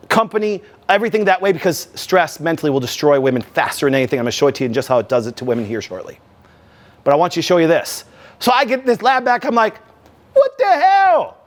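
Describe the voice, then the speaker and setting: A man hosting a health talk, emphatic and animated, acting out quoted remarks as he explains. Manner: emphatic, with wide swings in pitch and loudness; acts out his own and others' quoted remarks. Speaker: wellness doctor and show host.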